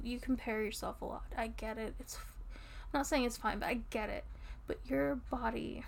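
A woman playing a tipsy, affectionate young girlfriend in an audio role-play, talking softly and intimately and drifting off topic. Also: on the high side, vocal fry, a little hiss or hum. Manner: rambling, giggly, soft and intimate. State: drunk.

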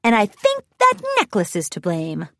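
A woman's voice: mid-range voice, wildly swooping pitch, moderate pace, bright, forceful tone, no echo, full character voice. A woman voicing a refined, theatrical female pony with a trilling, posh manner. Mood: firm.

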